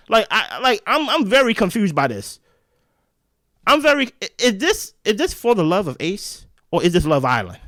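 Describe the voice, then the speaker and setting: A man hosting a casual reality show recap, talking in an animated, slangy way. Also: high-pitched, a little fast, dry recording, studio quality. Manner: animated, slangy, jumps into quoted voices.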